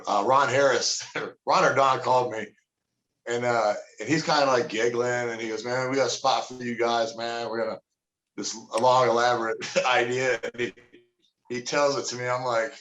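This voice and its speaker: Male ex-wrestler guest, relaxed and reflective storyteller, roomy echo on the mic. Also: mid-range voice, slight background noise. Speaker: guest, former pro wrestler. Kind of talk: casual storytelling interview. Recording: echoey room.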